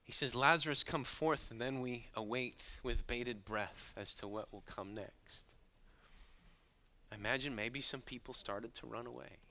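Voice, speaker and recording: A man preaching a sermon, moving between quiet, hushed asides and sudden loud bursts, and chuckling now and then at his own points. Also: mid-range voice, steady tone, measured pace, gravelly. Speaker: pastor.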